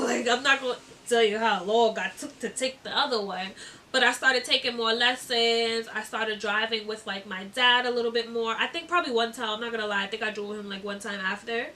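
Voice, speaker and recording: Bright, chatty young woman vlogger. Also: fairly high pitch, moderate pace, far from the mic. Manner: chatty, giggly, lots of fillers. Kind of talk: casual storytime.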